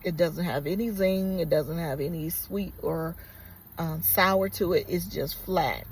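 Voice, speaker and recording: A woman's voice: fairly low pitch, steady tone, a little slow, a little hiss or hum, poor audio. A woman vlogger telling a personal story in a casual, earnest and reflective way, rambling with many fillers.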